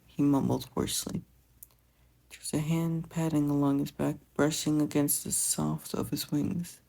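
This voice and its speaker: Fan fiction narrator, quiet, gentle, slow, gravelly, mellow. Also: medium pitch, little pitch movement, low-quality recording. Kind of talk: audiobook narration.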